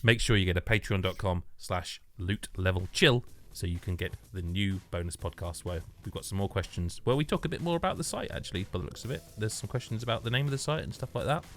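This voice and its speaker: A man hosting a casual podcast, rambling with halting restarts and easy laughter. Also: on the low side, animated, fairly bright tone, a little hiss or hum. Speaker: podcast host.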